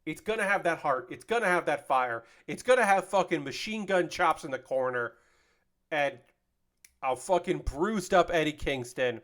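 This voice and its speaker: A man's voice: on the high side, animated, moderate pace, a bit bright. A man in his thirties hosting a casual livestream, ranting with passion and heavy profanity, repeating and restarting his sentences. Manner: repeats himself and restarts often. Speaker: livestream host.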